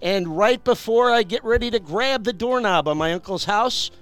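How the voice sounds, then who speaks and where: High-voiced male radio host telling stories. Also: moderate pace, clear, resonant tone, dry recording, soft background music. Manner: animated, storytelling with many restarts. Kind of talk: telling a personal story.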